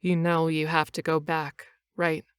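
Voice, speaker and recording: A woman voicing a gentle, caring teenage boy. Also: sits low, completely flat delivery, a little slow, smooth, no echo. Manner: soft, concerned questions.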